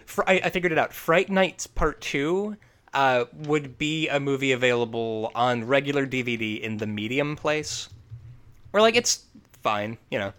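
Animated, profane man riffing on movies. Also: medium pitch. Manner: animated, profane, laughing often. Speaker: podcast host. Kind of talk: casual movie review chat.

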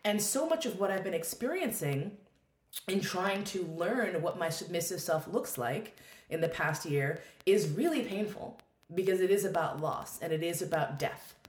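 Brief: woman guest, lowish voice, animated candid storytelling, swears freely, roomy echo. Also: normal speed. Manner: expressive, swears freely, acts out quoted thoughts. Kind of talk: candid storytelling in a podcast conversation.

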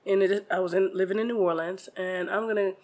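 A woman's voice: medium pitch, brisk. Laughing woman comedian telling stories. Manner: animated storyteller, laughs often. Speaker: comedian guest. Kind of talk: casual interview chat.

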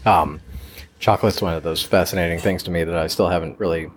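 A man hosting a coffee podcast who steers the chat along in a relaxed way. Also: deep voice, fast talker, slight background noise. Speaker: podcast host.

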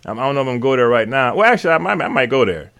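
A male radio host teaching the Bible in an excitable, casual preaching style, breaking into hallelujahs and everyday slang. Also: medium pitch, very fast, creaky. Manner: excitable, exclaims hallelujah, talks back to the text; casual and colloquial, drops into vernacular.

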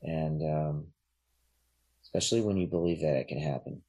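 A man talking as a podcast guest in casual chat, relaxed and rambling, with many fillers and restarts. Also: extremely low pitch, normal speed, dull audio.

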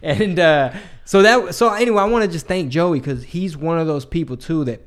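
Man, podcast host, casual chat, relaxed storyteller, asks questions. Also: fairly high pitch, normal speed.

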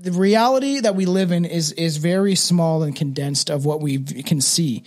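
A man's voice: a little high, normal speed, darkish tone. A man hosting a casual podcast, rambling with many fillers and swearing, partly reading notes aloud. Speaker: podcast host.

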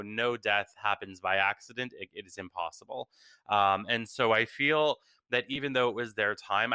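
Male medium co-host, lowish voice, bright and smooth, gentle reassuring delivery. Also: dry recording. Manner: gentle, reassuring, many fillers. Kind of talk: call-in show reading.

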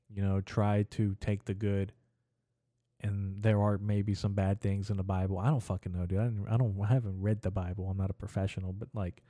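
Low-voiced, rambling, profane young man. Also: warm tone, dry recording, clean studio sound. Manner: profane, meandering, talks to himself. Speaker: podcast host. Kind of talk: rambling solo podcast monologue.

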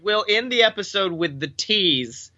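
A man co-hosting a casual comedic podcast chat, laughing often and riffing quickly on silly ideas. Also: high voice, animated, pushed and bright, lo-fi sound. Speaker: podcast co-host.

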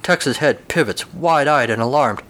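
A man narrating a comic story in a wry, deadpan manner. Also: mid-range voice, normal speed.

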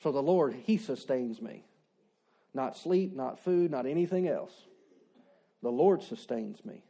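Mellow-voiced male pastor preaching conversationally. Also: mid-range voice, lively intonation, a little slow, creaky, husky. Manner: conversational preaching with rhetorical questions and repeated declarations. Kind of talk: sermon.

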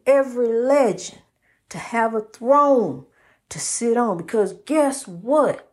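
A woman's voice: fairly high pitch, takes it slowly. Woman preaching love and faith. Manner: preachy, repeats phrases, calls listener honey. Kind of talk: impassioned faith-based pep talk.

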